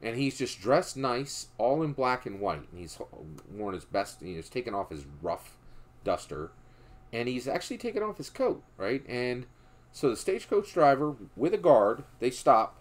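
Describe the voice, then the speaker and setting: Tagging almost every line with a questioning "right?", this Philadelphia man offers casual, story-driven political commentary. He's emphatic and very animated at a normal pace, going low and quiet when he makes a moral point.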